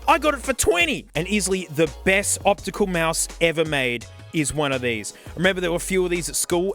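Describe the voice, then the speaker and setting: A young Australian man hosting his channel, giving excitable, jokey nostalgic commentary and laughing often. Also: on the high side. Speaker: YouTube host.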